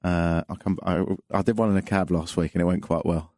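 A man's voice: low-pitched, fairly even intonation, fairly quick, darkish tone, no echo. A man hosting a call-in radio show, telling stories and jokes in a dry, self-mocking way. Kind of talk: casual monologue with jokes.

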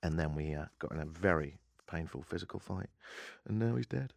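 Male podcast host, playful joker, dry close mic, mid pitch. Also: expressive, a little fast, creaky, a little mellow, no echo. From Britain. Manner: joking, slips into silly put-on voices. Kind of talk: casual chat.

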